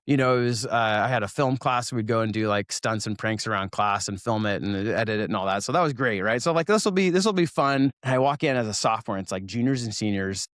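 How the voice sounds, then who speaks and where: A man's voice: lowish voice, fairly even intonation, fast, hardly any pauses, a bit bright, no echo, clean studio sound. Self-mocking man in his forties. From Oregon, US. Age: 40s. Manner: self-deprecating, laughs while telling stories. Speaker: interview guest. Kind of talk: casual storytelling interview.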